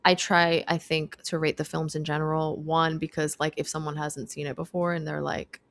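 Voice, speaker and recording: A woman's voice: low-pitched, little pitch movement, moderate pace. A young woman co-hosting a podcast, chatting casually and thinking aloud with lots of restarts. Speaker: podcast co-host. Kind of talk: casual chat.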